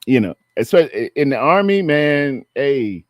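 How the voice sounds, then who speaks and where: A man's voice: medium pitch, big pitch swings, moderate pace, dry recording, studio quality. A man, hosting a casual chat, telling stories in a drawling, laughing way. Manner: laid-back storyteller, drawling, laughs often. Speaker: host.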